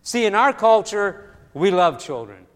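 A man preaching a sermon as pastor, telling stories in a lively way and often repeating his words. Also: high voice, a little slow. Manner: storytelling, animated with acted voices, repeats words. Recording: long hall reverb.

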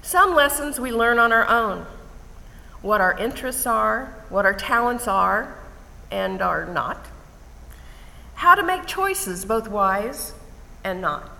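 An older woman giving an earnest Mother's Day message, telling family stories in a measured way. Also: fairly high pitch, gravelly, bright, forceful tone. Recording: reverberant hall with faint noise.

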